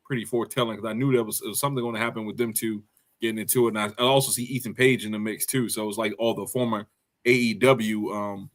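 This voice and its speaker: A man with hiccups co-hosts a casual wrestling review podcast, speaking fast in a fairly low voice with fairly even intonation. He rambles, uses slang and fills his talk with fillers.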